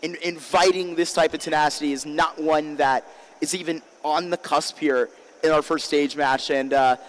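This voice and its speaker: Higher-voiced male color commentator. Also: fairly even intonation, moderate pace, low-quality recording. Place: live event venue.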